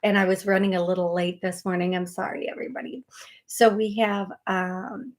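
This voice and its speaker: A woman's voice: medium pitch, little pitch movement, normal speed. A woman hosting a live call-in psychic medium show, chatting in a rambling way with many fillers and restarts.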